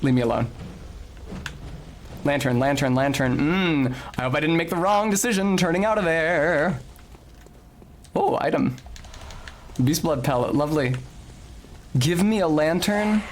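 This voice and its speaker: A man's voice: fairly high pitch, measured pace, long pauses, a little hiss or hum. A young man giving casual, articulate commentary while playing a video game, with a slightly academic-sounding manner and bursts of swearing and yelps. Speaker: streamer.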